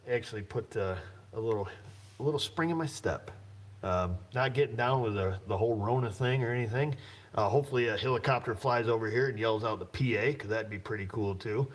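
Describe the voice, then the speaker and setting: A man's voice: fairly low pitch, a little fast. A man hosting a livestream as a mechanic, talking in a loose, jokey, rambling way and chuckling often. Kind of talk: casual livestream chat.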